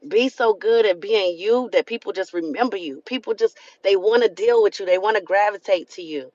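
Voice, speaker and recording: A woman's voice: mid-range voice, a little fast, darkish tone, no echo. A woman with a Southern US accent, hosting a live stream and giving an earnest, preachy motivational talk that repeats phrases for emphasis. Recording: dull lo-fi sound.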